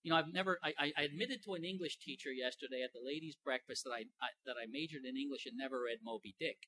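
A man's voice: mid-range voice, fast talker, sharp tone. An older man preaching a sermon as pastor, conversational and folksy, with many restarts.

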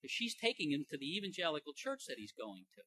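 A man's voice: on the high side, very animated, quick pace, bright, forceful tone, husky, no room sound. An older man preaching a sermon as pastor, conversational and folksy, with many restarts.

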